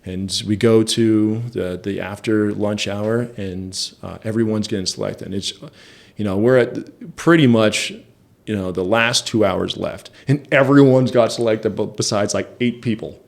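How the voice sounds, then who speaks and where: A man's voice: on the low side, a little slow, vocal fry. A man telling a story in a casual interview, chatty and self-deprecating. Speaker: interview guest.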